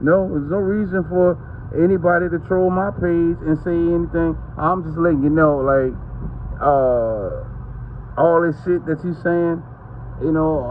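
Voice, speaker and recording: A man's voice: a little high, fairly even intonation, a little slow, narrow, tinny audio, slight background noise. A man, ranting to camera in a heated, profane, rambling way. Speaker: vlogger.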